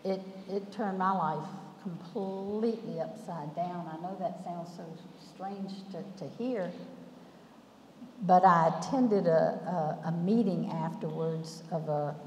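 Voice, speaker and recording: A woman's voice: fairly low pitch, slow pace, darkish tone, slight background noise. A woman, telling personal stories on a panel in a chatty, rambling way. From Memphis, Tennessee. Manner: chatty, restarts often, laughs between thoughts. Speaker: alumna panelist. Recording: roomy hall with long reverb.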